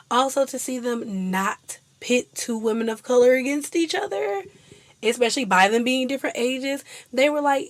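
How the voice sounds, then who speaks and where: A young woman hosting her own channel, chatting casually and excitedly about a TV series and acting out characters' lines in quick little voices. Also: fairly high pitch, dry recording. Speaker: YouTube host. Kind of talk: casual TV show recap.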